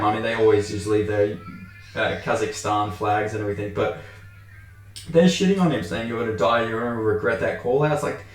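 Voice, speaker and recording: A man ranting casually about fighters and fans, exasperated, swearing heavily and restarting his sentences as he goes. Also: medium pitch. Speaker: MMA commentary channel host. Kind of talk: casual opinion rant. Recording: echoey room.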